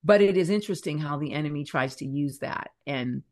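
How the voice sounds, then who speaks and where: A woman in her fifties with a low voice speaks briskly as a guest author in a faith-centered interview. She talks earnestly and animatedly about faith, fear and scripture, stretching out key words like a lively storyteller.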